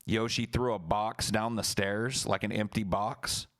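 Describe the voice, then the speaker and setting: A man's voice: fairly low pitch, steady tone, a little slow. A young man streaming, telling a story casually and talking back to his chat in a profane, blunt, laid-back way.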